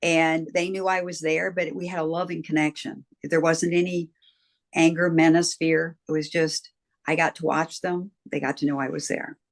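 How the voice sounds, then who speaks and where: Brief: older woman guest, reflective storyteller, slightly low pitch. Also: flat delivery, normal speed. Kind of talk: interview storytelling.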